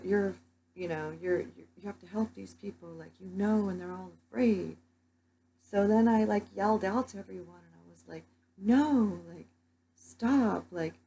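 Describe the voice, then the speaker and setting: A woman's voice: deep voice, a little hiss or hum, rough recording. A young woman telling her dreams in a casual vlog, rambling with lots of "like" fillers. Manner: rambling, many "like" fillers, soft-spoken. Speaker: vlogger.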